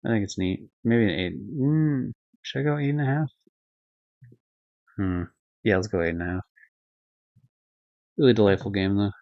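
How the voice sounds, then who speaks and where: A man's voice: fairly low pitch, normal speed, long pauses, dry recording. A young man streaming live, rambling casually through game ratings with lots of fillers, swearing and self-corrections. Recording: dull lo-fi dry stream audio.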